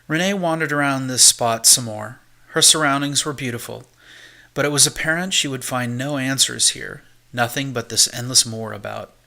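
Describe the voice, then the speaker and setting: Man narrating an audiobook, bright voice. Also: medium pitch, normal speed, creaky.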